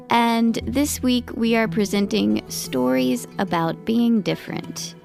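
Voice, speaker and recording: A woman hosting a podcast, introducing stories with dry, self-deprecating humor in a low, flat monotone. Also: gravelly. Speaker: podcast host.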